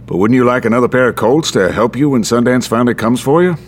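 An actor playing a courtly, genteel gambler who runs a saloon and sprinkles in French words. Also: male voice, mid-range voice, fast, slight background noise, natural voice. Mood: polished, amused. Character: suave older male gambler, saloon owner, genteel. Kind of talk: audio drama acting.

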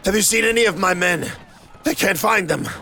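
Man putting on a wounded frontier colonel, gravelly, high-pitched, harried, clipped orders, audiobook western. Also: normal speed, bright, forceful tone, heavily acted. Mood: frantic. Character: wounded frantic male cavalry colonel, middle-aged.

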